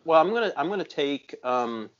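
Man, podcast co-host, relaxed rambling chat, lo-fi sound. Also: fairly high pitch, normal speed. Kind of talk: casual chat.

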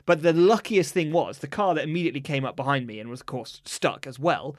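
A man's voice: a little high, fast talker, dry recording, studio quality. A man co-hosting a comedy podcast, telling rambling stories and often breaking into laughter. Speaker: podcast co-host.

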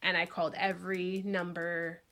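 Bright-voiced woman telling a wild story. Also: lowish voice, normal speed. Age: 40s. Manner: animated, swears freely, acts out quotes. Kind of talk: casual storytelling chat.

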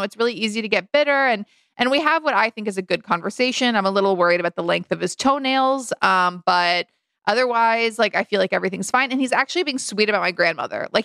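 A woman co-host telling a rambling family story in a relaxed podcast chat. Her voice is bright and edgy, with a gravelly fry at the ends of phrases. It sits smooth and close in a dry, dead room. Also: no echo. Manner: chatty, acts out quoted lines with big pitch jumps.

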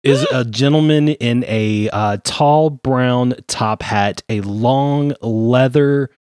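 A man running a tabletop game as game master, narrating in an unhurried, hesitant way with fillers. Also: mid-range voice, darkish tone, clear, resonant tone, dry recording, clean studio sound.

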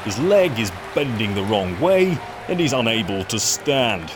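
A man's voice: on the low side, big pitch swings, a little slow, over music, crowd noise. A man voicing a blustery TV presenter who delivers football commentary in pompous, blunt pronouncements as a comic parody.

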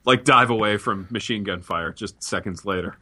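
Man, comedy podcast co-host, lowish voice, bright and punchy, playful deadpan riffing. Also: moderate pace. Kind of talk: improvised comedy banter.

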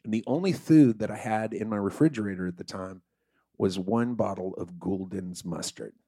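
A man telling a comic story in a loose, profane, animated way, acting out the characters. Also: on the low side, normal speed, breathy edge, no echo, studio quality. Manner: profane, animated, acts out voices.

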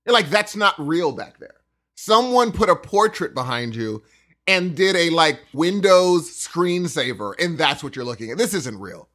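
A man co-hosting a podcast tells a story in casual chat, acting out other people's lines as he goes. His voice is on the high side, expressive and fairly bright, at a normal speed.

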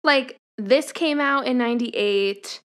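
A woman's voice: fairly high pitch, takes it slowly. A woman co-hosting a casual podcast, chiming in with dry, wry asides about a movie. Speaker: podcast co-host. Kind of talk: casual movie review chat.

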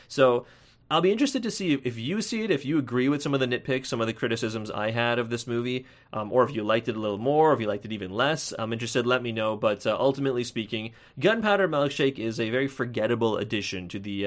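A man in the middle pitch range talks through a movie review as a podcast host. His delivery is loose and chatty, full of restarts, and he keeps tagging his points with a quick "right?" His pitch leaps up now and then as he gets into an opinion. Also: a bit bright. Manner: chatty, tags lines with "right?"; rambling, with restarts and sudden jumps in pitch.

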